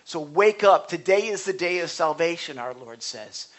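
A man's voice: a little high, expressive, normal speed, a bit bright. A man preaching a sermon in an earnest, conversational way, asking the congregation questions and building to emphatic bursts. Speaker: pastor.

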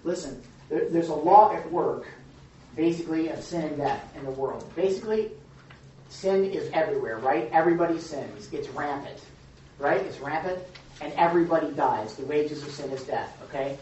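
A man leading an informal Bible study, teaching in a rambling, halting way with many restarts and fillers. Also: on the high side, darkish tone, a little hiss or hum. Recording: distant, echoey, lo-fi room recording.

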